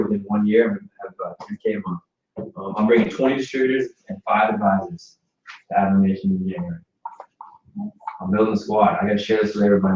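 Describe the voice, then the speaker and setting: A fairly low-voiced man talks to a group at an indoor business mixer, joking and fired up as he urges them to set goals. He is picked up from a distance, so the sound comes through dull and hollow with heavy room echo. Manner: energetic, joking, quick asides. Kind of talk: motivational talk to a group. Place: indoor event space.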